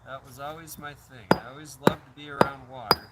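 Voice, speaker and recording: A man's voice: mid-range voice, fairly quick, distant mic, heavy background noise. A man hosting a casual livestream outdoors on a hot day, rambling and chatting to his dog. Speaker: livestream host.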